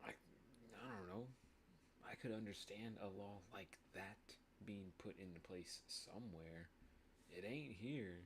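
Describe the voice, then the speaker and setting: Slow, gravelly-voiced man musing. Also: fairly low pitch, animated, slight background noise. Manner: laid-back, musing, hesitant. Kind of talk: casual chat.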